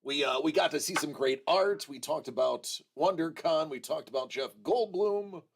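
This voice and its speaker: A man hosting a casual livestream, chatting with viewers in an unhurried way, with frequent restarts and fillers. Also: a little high, vocal fry, background noise. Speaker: livestream host.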